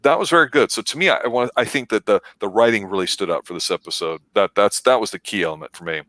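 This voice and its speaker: A man co-hosting a casual review podcast, speaking in a measured, analytical way. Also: lowish voice, a bit bright, dry recording. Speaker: podcast co-host.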